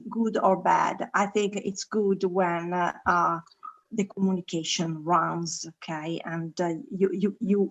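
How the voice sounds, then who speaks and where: A woman's voice: lowish voice, vocal fry, rough recording. A woman, a student in an online class, answering hesitantly and searching for words. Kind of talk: class discussion.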